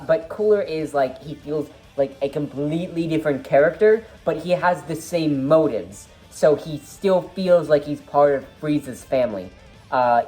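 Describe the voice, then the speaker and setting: Low-voiced woman chatting through a movie review, rambling, lots of ums and likes. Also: darkish tone. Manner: rambling, enthusiastic, many fillers. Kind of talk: casual review vlog.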